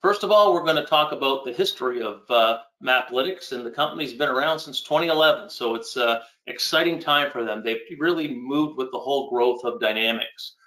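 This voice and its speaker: A man with a bright, forceful voice hosts a business webinar, sounding keen and upbeat. His voice rings in an echoey room. He walks listeners through the agenda with easy confidence. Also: mid-range voice, fairly quick, hardly any pauses. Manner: upbeat, enthusiastic. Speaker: host. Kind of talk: webinar presenting.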